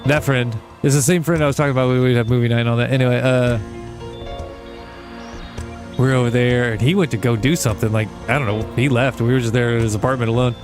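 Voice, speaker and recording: A young man hosting a gaming channel, telling long rambling stories and swearing casually while he plays, with quick jumps in pitch when he imitates people. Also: steady tone, music in the background. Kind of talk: casual let's-play chat while gaming.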